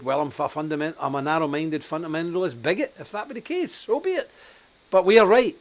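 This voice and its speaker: A man's voice: fairly high pitch, expressive, brisk. A man from Scotland hosting a live online talk show, speaking bluntly and emphatically and laughing at his own stories. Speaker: host.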